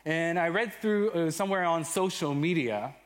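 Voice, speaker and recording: A man's voice: a little high, moderate pace. A man from Israel giving an enthusiastic, self-deprecating conference talk on stage, with frequent fillers. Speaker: conference speaker.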